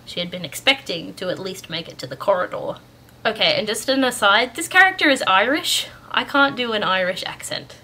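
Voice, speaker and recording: A woman storyteller reading a bedtime story aloud in a calm, gentle way. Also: mid-range voice, a little fast.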